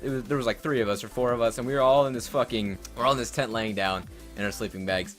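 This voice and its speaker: A young man telling a rambling, profane story while playing a video game, with loud outbursts. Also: mid-range voice, quick pace, faint music behind. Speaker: gaming YouTuber. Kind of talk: storytelling over gameplay.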